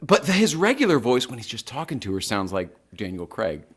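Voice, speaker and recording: A man's voice: mid-range voice, a little fast, slightly rough. Guy cohosting a movie podcast, swings his voice all over, curses a lot, goofy impressions. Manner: animated, swears, breaks into loud mocking impressions. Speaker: podcast co-host. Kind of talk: casual movie chat.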